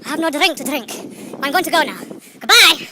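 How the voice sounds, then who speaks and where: A woman's voice: high voice, lively intonation, brisk, full character voice. A woman playing a comic Zulu character with a put-on Zulu-English accent, out of breath while cycling a country road and chattering in exclaiming broken English. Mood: breathless. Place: outdoors on a bicycle on a country road. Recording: loud wind and road noise outdoors.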